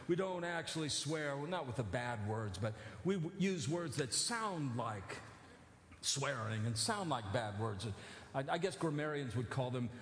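A man preaching a sermon as pastor, animated, building to near-shouted emphasis with joking asides. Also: mid-range voice. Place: church sanctuary. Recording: echoey church hall.

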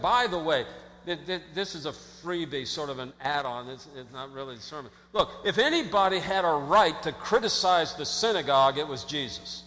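A man preaching a sermon as pastor, in an animated conversational way, acting out quotes and often restarting his sentences. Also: fairly high pitch, normal speed. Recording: long hall reverb.

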